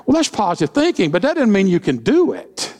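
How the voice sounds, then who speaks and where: A man's voice: sits high, big pitch swings, brisk, darkish tone. A middle-aged man preaching as senior pastor, in a folksy way with joking asides and acted-out quotes. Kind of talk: sermon with humorous stories.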